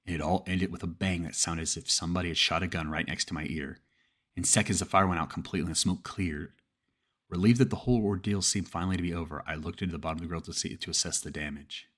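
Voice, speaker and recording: A man with an extremely low, deep voice narrates a first-person horror story. He reads at a brisk clip in a steady way and now and then stumbles and restarts a word.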